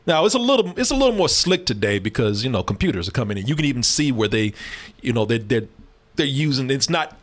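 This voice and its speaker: A man hosting a podcast in casual chat, expressive and quick to agree. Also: mid-range voice.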